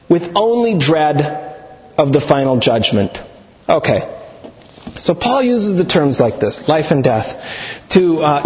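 A man preaching a sermon, teaching deliberately, quoting scripture and slowing down on key words. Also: high-pitched. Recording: echoey hall, dull sound.

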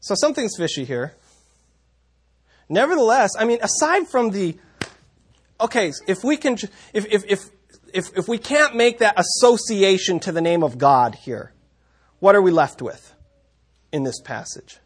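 Man teaching scripture, high-ish voice. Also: animated, normal speed, pauses often, slightly rough. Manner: conversational, reads verses aloud, self-correcting restarts. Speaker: Bible teacher.

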